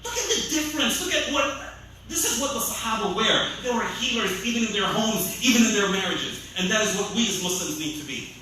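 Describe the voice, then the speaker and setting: A man preaching a sermon as an imam, animated, acting out scolding voices of other people. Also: sits high, brisk, far from the mic, a little hiss or hum. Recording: echoey hall, voice from off-mic.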